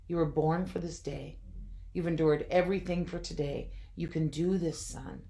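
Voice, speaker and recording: Woman voicing a motherly spirit, steadying, heartbroken, low voice. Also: fairly even intonation, normal speed, warm tone. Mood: tender. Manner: firm, then breaking with emotion.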